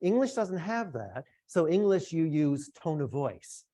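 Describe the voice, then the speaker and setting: A middle-aged man lectures to a room in a relaxed, conversational way, throwing in asides to his listeners. His voice sits a little high for a man. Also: unhurried, no echo. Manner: conversational, chatty asides to the audience. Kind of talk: academic lecture.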